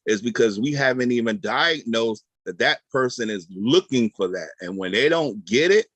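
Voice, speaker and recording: A man's voice: mid-range voice, animated, normal speed, fairly bright tone, no room sound. A man explaining a point in a group discussion over a video call, with frequent ums.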